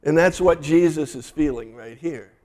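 A pastor preaching to his congregation, telling the story with animated asides. His voice sits a little higher than most men's. His delivery is conversational and vivid. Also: normal speed. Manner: storytelling, animated retellings of scripture. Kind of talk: sermon.

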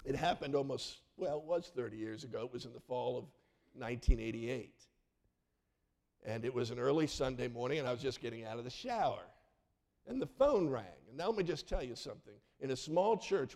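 A middle-aged male pastor telling stories in a sermon, lively and acting out the people in them. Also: mid-range voice. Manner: animated, acts out voices in his stories. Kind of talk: storytelling sermon.

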